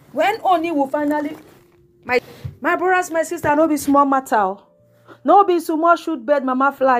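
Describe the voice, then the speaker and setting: A woman with a Nigerian accent giving mocking gossip commentary to her viewers, repeating herself and breaking into laughter. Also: high-pitched. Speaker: celebrity gossip vlogger.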